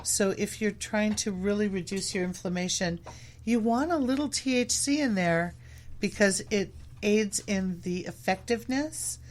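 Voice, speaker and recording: A woman's voice: mid-range voice, moderate pace. A woman guest on a talk show, speaking casually and hesitantly with many ums and uhs. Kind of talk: casual chat.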